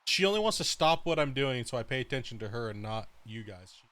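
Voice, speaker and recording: A man's voice: mid-range voice, sing-song, fast, a bit bright. Profane, rambling male game streamer. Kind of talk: casual chat during a live stream.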